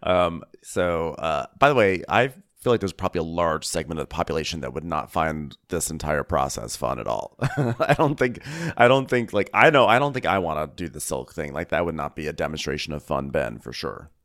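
A man's voice: extremely low pitch, a little fast, few pauses, fairly bright tone, no room sound, clean studio sound. A man co-hosting a comedic podcast recap, wry and joking, with lots of um and uh. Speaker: podcast co-host. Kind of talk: casual comedic recap chat.

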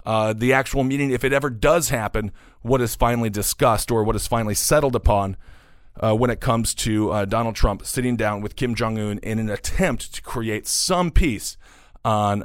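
A man's voice: on the low side, dry recording, clean studio sound. A man hosting a solo political commentary show, opinionated and sarcastic, with frequent "uh" fillers. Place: New York.

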